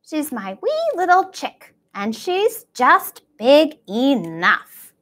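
A woman's voice: high-pitched, huge pitch swings, takes it slowly, a bit bright, heavily acted. A woman voicing a proud, fussy mother hen in a children's picture book, with a doting, clucking manner.

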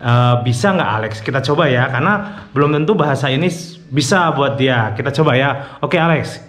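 A man's voice: medium pitch, lively intonation, a little fast, a bit bright, reverberant. A man with an Indonesian accent hosting a casual interview, switching playfully between Indonesian and English. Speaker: host.

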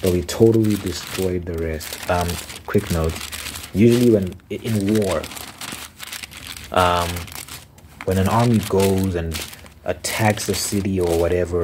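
Deep-voiced young man, casual ASMR commentary. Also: noisy background. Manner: casual, slangy, frequent restarts. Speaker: ASMR creator. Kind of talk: ASMR Bible reading with commentary.

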